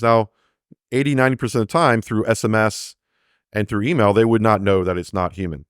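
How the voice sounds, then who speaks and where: A man's voice: on the low side, expressive, quick pace, dry recording, clean studio sound. A man, an AI developer guest, explaining technology in a casual interview, acting out little quoted exchanges between fillers.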